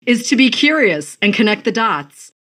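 A woman from Massachusetts hosting a podcast interview, chatty and enthusiastic with quick asides. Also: a little high, very animated, a bit bright. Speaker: podcast host. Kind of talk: casual interview chat.

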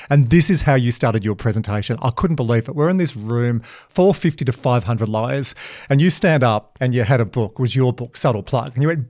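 A man hosting a podcast, telling stories with animated energy and acting out the voices of the people he quotes. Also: mid-range voice, fairly quick, dry recording. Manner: animated storyteller, mimics voices when retelling. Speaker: podcast host. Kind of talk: casual podcast conversation. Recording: dry close mic, faint guitar music.

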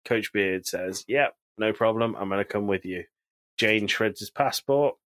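Lowish-voiced guy recapping a tv episode on a podcast, dry close sound. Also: unhurried, dry recording. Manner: animated retelling of scenes, quoting characters. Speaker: podcast co-host. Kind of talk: casual podcast chat.

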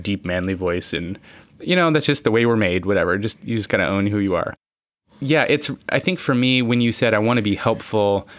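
Man, lowish voice, earnest, teasing, reflective, dry close mic. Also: no room sound. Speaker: podcast co-host, therapist. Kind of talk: casual chat.

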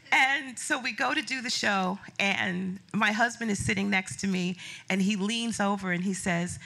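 Bright-voiced woman telling a lively story. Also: mid-range voice, moderate pace, gravelly. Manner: animated storyteller, acts out quotes, laughs often. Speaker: business founder telling a story on stage. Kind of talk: live stage storytelling.

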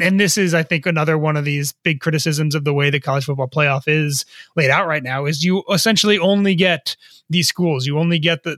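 A man's voice: a little high, fairly bright tone, dry recording, studio quality. A man co-hosting a sports business podcast, thinking aloud with frequent stammers and restarts. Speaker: co-host, sports business reporter. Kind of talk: podcast discussion.

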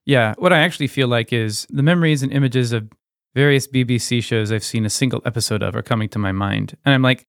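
A man with a gravelly, creaky voice talks through a casual film podcast in a thoughtful, measured way, hedging as he goes. His voice is close and dry. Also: mid-range voice, no echo. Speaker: podcast co-host.

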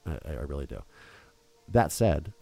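A man's voice: extremely low pitch, very animated, normal speed, gravelly, dark tone, dry recording, faint music behind. A young adult man hosting a podcast, telling an emotional family story in casual chat. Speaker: podcast host.

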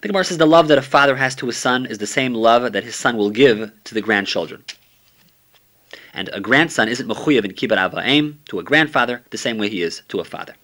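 A man's voice: mid-range voice, fairly quick, a bit bright. A man teaching a summary of a Talmud page, reading steadily and using many Hebrew and Aramaic terms.

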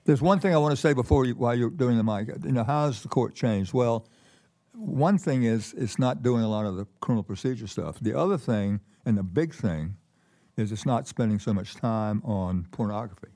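An older man, a keynote guest, telling stories in a relaxed conversational way, often repeating words and pausing with fillers. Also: medium pitch. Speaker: keynote guest, former ambassador. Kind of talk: conversational storytelling. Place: conference stage with audience.

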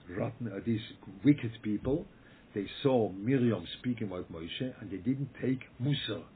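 A man teaching a Torah lesson as a rabbi, answering questions in an emphatic way, repeating himself and often checking in with his listeners. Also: lowish voice. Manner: emphatic, repeats words, checks in with "yeah?" and "okay?". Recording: tinny phone-like line with faint noise.

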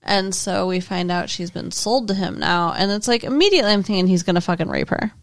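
A woman co-hosting a podcast in a casual movie chat, talking in a chatty way, swearing casually and quick to push back. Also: fairly low pitch, gravelly. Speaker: podcast co-host.

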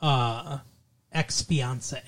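A man's voice: mid-range voice, drawn-out words, a bit bright. A man co-hosting a podcast, chatting casually, joking and rambling with frequent laughs. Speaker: podcast co-host. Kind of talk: casual chat.

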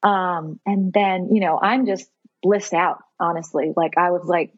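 A woman's voice: lowish voice, fairly even intonation, a little slow, husky, no room sound, highs cut off. A woman in her thirties, a podcast guest, telling a personal story in an earnest, heartfelt, self-reflective way.

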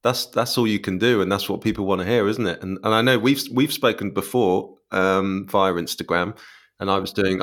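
A man hosting a podcast, asking questions in a relaxed way with hesitant restarts. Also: fairly low pitch. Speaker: podcast host. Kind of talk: casual interview.

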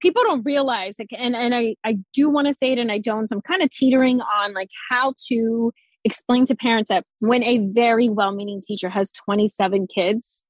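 Blunt New Jersey woman, husky voice. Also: on the high side, fairly quick, dry recording, poor audio. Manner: blunt, swears freely, animated. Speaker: forest school teacher. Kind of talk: casual podcast conversation.

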